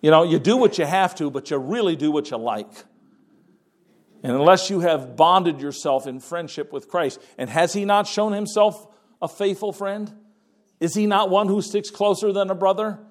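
A man delivering a sermon with a slightly raised pitch. His delivery is conversational and unpolished, with pauses and repeated words as he works through his points. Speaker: preacher.

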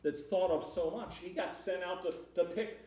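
A man's voice: sits high, steady tone, normal speed, dark tone. A man preaching a sermon in a conversational way, repeating words and rising into emphatic passages. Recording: roomy hall, far from the mic.

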